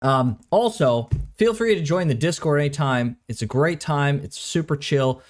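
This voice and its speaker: A man's voice: a little high, expressive, moderate pace. Laid-back man chatting on a stream. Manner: laid-back, swears casually, loose rambling speech. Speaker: co-host of an anime reaction stream. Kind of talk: casual chat. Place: home recording room.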